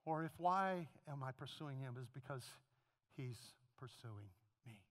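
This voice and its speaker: A man's voice: medium pitch, lively intonation, unhurried. A man preaching a sermon as pastor, then leading the congregation in an emotional prayer. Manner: impassioned preaching, rising to a shout.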